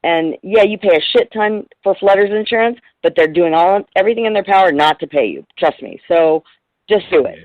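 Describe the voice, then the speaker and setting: A woman's voice: on the low side, lively intonation, brisk, no echo, narrow, tinny audio. A middle-aged woman guest in a casual radio interview, talking in a rambling, heartfelt way with plenty of swearing.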